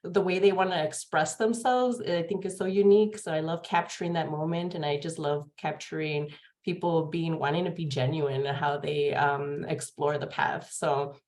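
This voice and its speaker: A woman in a casual group discussion, speaking hesitantly with many pauses and fillers. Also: sits low, fairly even intonation, darkish tone. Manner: hesitant, many ums and uhs. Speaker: Jedi community member.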